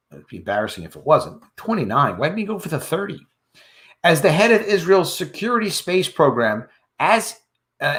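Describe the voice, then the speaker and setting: A man's voice: a little high, fairly bright tone. A man giving casual news commentary on his channel, making joking, sarcastic asides as he reads out an article. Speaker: YouTube commentator.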